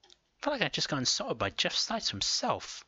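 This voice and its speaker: A man's voice: fairly high pitch, wildly swooping pitch, normal speed, sharp tone, breathy edge, dry recording, muffled recording. A man giving casual commentary over his own gameplay, joking and mock-dramatic, talking to himself as he plays. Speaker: gaming video host. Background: game music.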